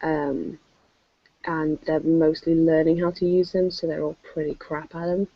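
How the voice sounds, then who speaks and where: An English woman chatting on a video call, self-mocking and quick to laugh. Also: low voice, flat delivery. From England. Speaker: show regular. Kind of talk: casual chat on a video call. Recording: dull lo-fi call audio.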